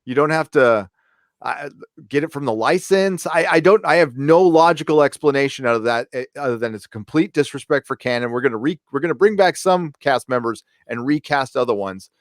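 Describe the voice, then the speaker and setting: A man's voice: mid-range voice, animated, brisk, no room sound, studio quality. A man co-hosting a casual live-stream chat, rambling with hesitations and blunt, profane opinions. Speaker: co-host.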